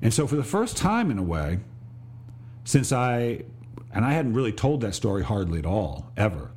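A middle-aged man and podcast host telling a reflective personal story, slowing on details and restarting phrases. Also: on the low side, very animated, darkish tone, a little hiss or hum. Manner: reflective, pauses and restarts, slows on vivid details.

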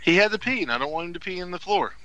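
A man's voice: sits high, animated, racing, sharp tone, rough recording. A man co-hosting a casual podcast, laughing often and restarting his thoughts. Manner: laughs a lot, hesitant restarts. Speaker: podcast co-host.

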